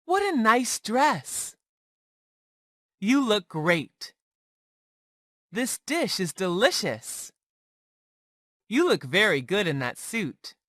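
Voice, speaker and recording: Slow, lively woman reading drill phrases. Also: mid-range voice, no room sound, clean studio sound. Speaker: English teacher. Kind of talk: reading practice phrases for learners.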